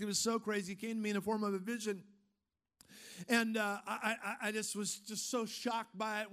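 A man preaching a sermon, firing off emphatic rhetorical questions and then dropping into a low, casual storytelling tone. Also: fairly bright tone, smooth. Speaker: pastor.

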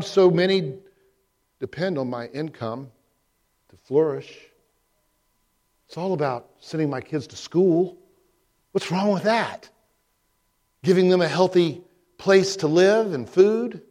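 A man preaching a sermon as pastor, posing emphatic rhetorical questions with frequent pauses. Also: on the high side, lively intonation, a little mellow. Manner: slow, deliberate delivery with frequent pauses.

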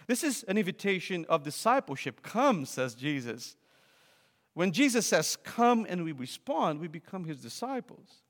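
A man preaching a sermon, telling a story with frequent restarts and fillers, then building to loud, emphatic appeals. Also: a little high, very animated, normal speed, long reverb tail.

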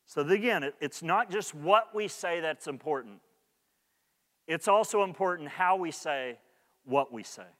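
A man's voice: fairly high pitch, expressive, measured pace, a bit bright, long reverb tail. A man preaching a sermon as pastor, earnest and repeating his key points for emphasis.

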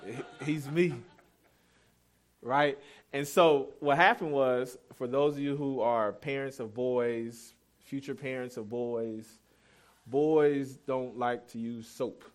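A male pastor in his thirties gives a conversational sermon, telling stories candidly and making fun of himself. His voice sits at an everyday middle pitch, with a steady tone and a slow pace.

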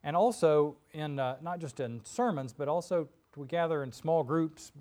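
A male pastor preaching in a relaxed, conversational storytelling manner. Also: a little high, normal speed. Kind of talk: sermon.

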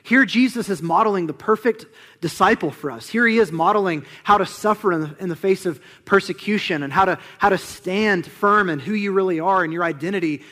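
A young man preaching with lively, conversational energy, his voice sitting a little high. He acts out the people in the passage and sinks to near-whispers for weighty points. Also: brisk. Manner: animated, conversational preaching with dramatic drops to a hush. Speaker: pastor. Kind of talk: sermon.

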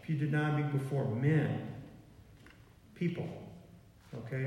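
A man's voice: mid-range voice, measured pace, mellow, a little hiss or hum. A man preaching a sermon in a folksy, conversational way, with "okay" and "y'all" sprinkled in. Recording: far from mic in an echoey hall.

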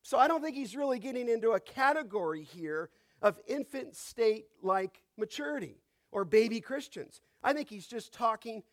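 A man's voice: very high-pitched, lively intonation, normal speed, hardly any pauses. A man preaching an expository sermon as pastor, explaining the text step by step and asking the congregation questions.

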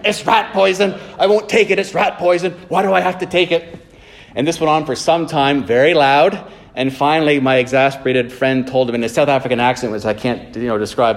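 A man preaching a sermon in a church, mixing plain storytelling with earnest, emphatic points. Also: mid-range voice. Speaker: pastor.

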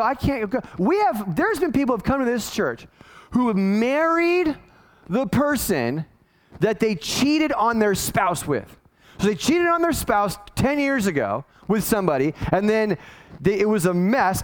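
A man in his forties, a pastor, preaching a conversational sermon that is full of restarts and acted-out quotes. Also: high-pitched.

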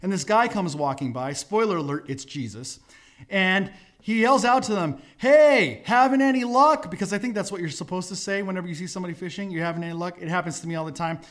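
A male pastor giving a casual, story-driven sermon. His voice sits a little higher than most men's, and he jumps into the characters' lines with animated, voiced quotes. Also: quick pace. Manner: conversational, acts out quotes with voices.

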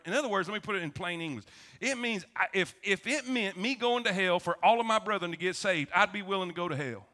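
A pastor, preaching a sermon and telling stories with emphasis and humor. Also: male voice, sits high, expressive, fast talker, sharp tone.

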